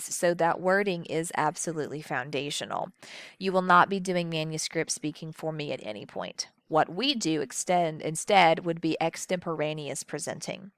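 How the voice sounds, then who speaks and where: A woman with a Southern US accent gives a recorded lecture on public speaking. Her voice sits a little low and comes through smooth and clear. She plays up her delivery to show each technique, and the recording is dry and close. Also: dry recording. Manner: expressive, demonstrates vocal techniques.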